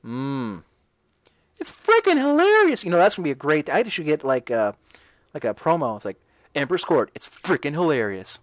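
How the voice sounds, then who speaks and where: A man's voice: fairly high pitch, expressive, a little fast, no room sound, poor audio. A man hosting a casual talk radio show, reading and answering chat messages in a sarcastic, ranting way.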